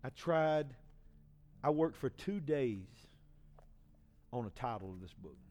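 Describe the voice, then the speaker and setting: A man in his forties, a pastor, giving an emotional personal testimony in a sermon, swinging from hushed to loud. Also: medium pitch, animated, takes it slowly. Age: 40s.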